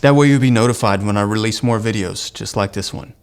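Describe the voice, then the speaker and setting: A man's voice: on the low side, a little fast, clear, resonant tone. A man, teaching an online singing lesson in an earnest, encouraging way. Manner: earnest, encouraging, breaks into sung exercise demos. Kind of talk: online vocal lesson with sung demonstrations.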